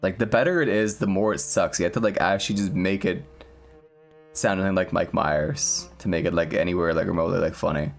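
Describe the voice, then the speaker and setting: A young man talks while he plays a game on stream, with a voice that sits on the low side. He rambles, jokes crudely and laughs a lot between thoughts. Faint string music from the game plays behind him. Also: fairly even intonation, a little fast, gravelly. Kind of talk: casual gameplay chat.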